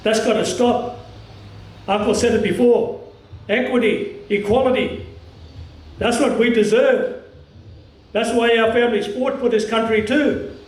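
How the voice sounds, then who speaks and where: An Australian man from the Cairns region giving an impassioned public speech at a commemoration, talking strong and forceful in halting phrases. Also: very high voice, steady tone, echoey room, far from the mic, low-quality recording. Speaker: community speaker at a commemoration.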